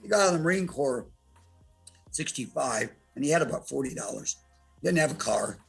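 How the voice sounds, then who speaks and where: A man's voice: mid-range voice, a little fast, faint music behind. A man in his eighties telling brash, profane stories as a podcast interview guest. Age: 80s. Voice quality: gravelly, husky voice. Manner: brash, profane, animated storyteller. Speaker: interview guest, martial artist.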